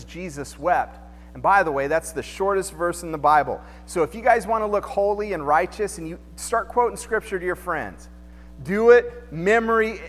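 A pastor with a high, fairly bright voice preaches a sermon in a church sanctuary, keeping it loose and conversational and tossing out rhetorical questions. The recording has long hall reverb with faint music in the background.

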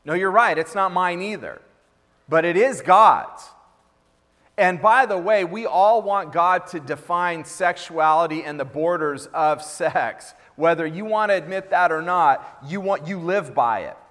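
High-voiced man preaching in a reverberant hall. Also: moderate pace, hardly any pauses, a bit bright. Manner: emphatic, repetitive preaching with acted quotes. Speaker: pastor. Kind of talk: sermon.

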